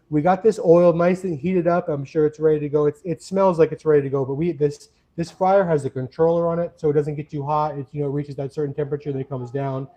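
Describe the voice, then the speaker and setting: A man's voice: on the high side, dark tone. A man hosting a casual cooking livestream from his home kitchen, chatting to viewers in a rambling, friendly way.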